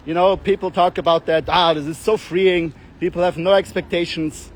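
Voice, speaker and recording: A man's voice: on the high side, steady tone, moderate pace, hardly any pauses. A young man talking casually as a self-development coach, rambling and joking, often acting out the voices of the people he describes. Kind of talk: casual monologue with playful voice demonstrations.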